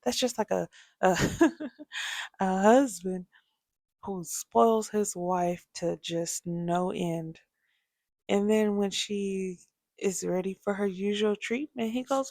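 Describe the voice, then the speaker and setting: A young adult woman hosting a casual podcast, telling parenting stories with lively asides. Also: mid-range voice, slow pace, vocal fry, pauses often, no room sound, studio quality. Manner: animated storytelling, acts out quoted voices. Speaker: podcast host.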